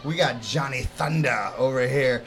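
A young man with a medium-pitched, fairly bright voice speaks at a moderate pace, with faint music behind him. Acting as podcast host and camp counselor, he chats casually with a room full of summer camp kids, playfully teasing them and hyping them up.

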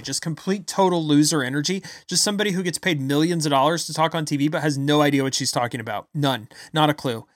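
A man giving an angry, blunt political rant, loud and insulting as he talks. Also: a little high, dry recording, clean studio sound. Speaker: political commentator. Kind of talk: ranting political commentary.

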